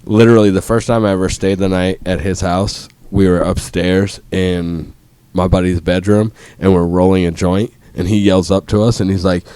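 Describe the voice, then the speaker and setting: A young man co-hosting a podcast, a bit tipsy, telling rambling profane stories with sudden loud bursts. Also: low voice, little pitch movement, moderate pace, hardly any pauses, clear, resonant tone, no room sound. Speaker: podcast co-host. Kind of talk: casual chat.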